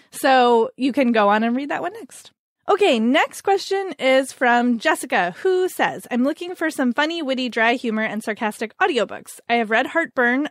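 A woman's voice: on the high side, no room sound, studio quality. A woman hosting a podcast, recommending books in enthusiastic casual chat, laughing often and saying "like" a lot.

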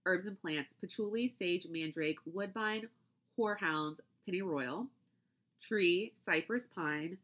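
A woman's voice: fairly low pitch, slow pace, fairly bright tone. A woman hosting a podcast, reading out long lists item by item and then explaining things loosely, with restarts along the way. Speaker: podcast host. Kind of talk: casual podcast chat.

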